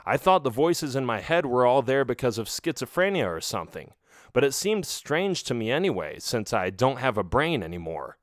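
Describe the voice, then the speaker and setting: A man's voice: mid-range voice, sing-song, moderate pace, no room sound. A man narrating a children's audiobook in the first person, reading expressively into a close mic.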